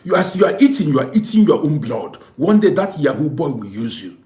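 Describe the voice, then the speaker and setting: A man's voice: on the high side, very animated, a little fast, a little mellow, roomy sound. A man giving a preachy, scolding moral monologue to camera as a social commentator.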